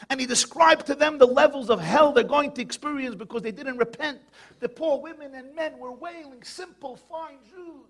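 A man teaching a Torah lecture full of stories and rhetorical questions, shouting now and then for emphasis. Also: very high voice.

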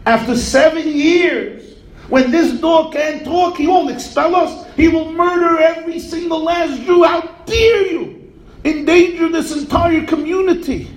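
A man's voice: extremely high pitch, a little slow, voice pushed up. Brief: man doing a shrieking, scolding crowd of frightened townsfolk in a folk tale, echoey room. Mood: outraged. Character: panicked, furious crowd of townsfolk.

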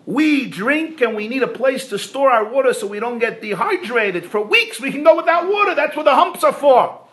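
A man's voice: very high voice, animated, moderate pace, a bit bright, voice pushed up. A man voicing a patient mother camel who explains things to her young during a story in a sermon. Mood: explaining.

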